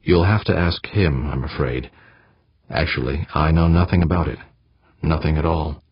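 An evasive male administrator who slows down and drops his voice low as he dodges the question. He is played by a narrator with a husky voice on a dry, slightly dull recording.

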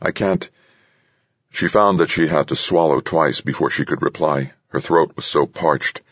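A man narrating a thriller audiobook in a lively, dramatic reading. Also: extremely low pitch, moderate pace, slightly rough, no room sound, lo-fi sound. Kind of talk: scripted narration.

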